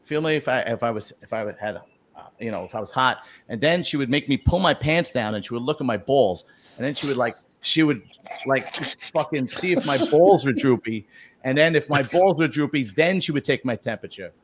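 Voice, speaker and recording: A middle-aged man hosting a casual video-call chat, telling stories in a crude, animated way and swearing freely. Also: mid-range voice, fairly quick, background noise. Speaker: host.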